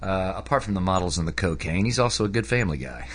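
A man talking casually about a book he read, rambling with lots of fillers, his voice jumping up when he gets excited. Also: low-pitched, quick pace, husky. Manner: animated, voice jumps up when excited. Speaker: book reviewer. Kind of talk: casual spoken book review.

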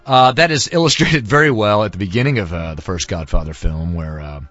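A man's voice: fairly low pitch, expressive, a little fast, a bit bright, no echo. A man, a student, casually retelling a film with lots of fillers, in a dull, lo-fi recording with faint music. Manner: rambling, many fillers.

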